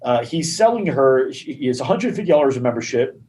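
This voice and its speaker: A man with an ordinary mid-range voice tells a story in a loose, animated way. He slips into the voices of the people in the story as he goes. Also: mid-range voice, brisk, low-quality recording. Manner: animated storyteller acting out dialogue. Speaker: gym marketing guest. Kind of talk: casual storytelling interview.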